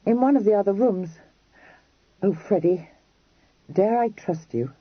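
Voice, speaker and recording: A man's voice: sits high, a little slow, husky, dry recording, voice pushed up. A man voicing an earnest, impulsive young Regency lady who talks in a breathless, pleading way in an audiobook. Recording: dry, dull lo-fi recording.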